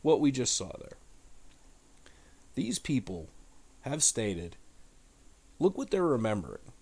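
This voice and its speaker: A man's voice: mid-range voice, very animated, slow, vocal fry, a little mellow, breathy edge. A man hosting an irreverent Bible commentary in a casual, profane, joking way. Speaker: host.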